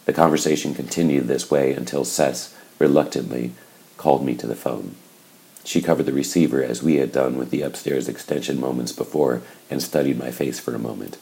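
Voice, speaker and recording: Audiobook narrator, male, very low and gravelly, dark and measured. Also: low-quality recording. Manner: measured, reflective.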